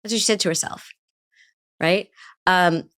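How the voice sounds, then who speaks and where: A woman's voice: on the low side, steady tone, unhurried, a bit bright, no room sound. Explaining female therapist, dry sound. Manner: explanatory, asks rhetorical questions. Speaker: therapist guest. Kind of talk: interview conversation.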